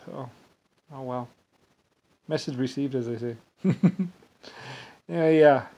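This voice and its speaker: A man at an ordinary middle pitch speaks alone in a loose, rambling monologue. He wanders between thoughts, restarts sentences often and trails off into small asides. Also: fairly even intonation, takes it slowly, mellow.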